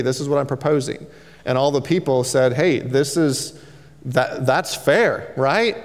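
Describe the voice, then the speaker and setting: A man's voice: mid-range voice, big-room sound. A man preaching an expository sermon, retelling the scripture story in casual everyday paraphrase.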